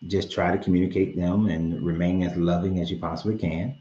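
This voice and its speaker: Deep-voiced man hosting a live stream. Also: a little fast. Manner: calm, patient, advising. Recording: roomy, dull lo-fi stream audio.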